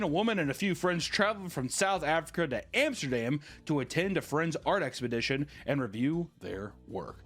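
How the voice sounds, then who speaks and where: A man's voice: on the high side, a bit bright. A man hosting a casual commentary show, reading a story aloud and joking and laughing between lines. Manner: joking, laughs often, reads then riffs. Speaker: commentary host.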